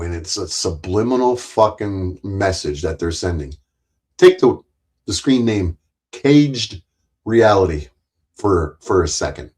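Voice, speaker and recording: A man's voice: sits low, expressive, takes it slowly, a little mellow. A man hosting a livestream, ranting angrily and sarcastically, swearing constantly and repeating his points for emphasis. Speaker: livestream host. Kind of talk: profane livestream rant.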